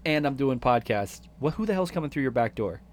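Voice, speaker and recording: A man's voice: mid-range voice, lively intonation, a little fast. A man hosting a podcast from a small closet home studio, chatting casually, teasing his guests and swearing freely. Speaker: podcast host. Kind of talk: casual chat.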